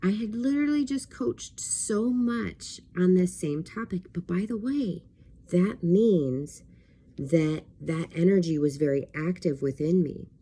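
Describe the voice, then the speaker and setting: A woman's voice: fairly low pitch, measured pace, mellow, slight background noise. A woman who works as a life coach, telling a personal story in a candid, rambling vlog style with plenty of fillers. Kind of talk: casual talking-to-camera vlog.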